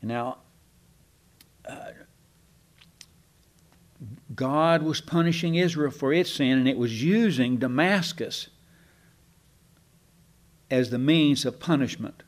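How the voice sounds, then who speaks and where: A man's voice: mid-range voice, takes it slowly, pauses often. A man teaching a Bible class in a folksy, rambling way, with asides to his listeners.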